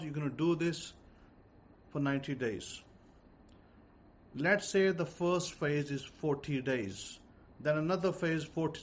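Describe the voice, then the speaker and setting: Man teaching slowly in a dull recording. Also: a little high. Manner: repetitive, slow and deliberate when dictating words. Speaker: religious teacher. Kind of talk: informal religious teaching. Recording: dull lo-fi audio with faint noise.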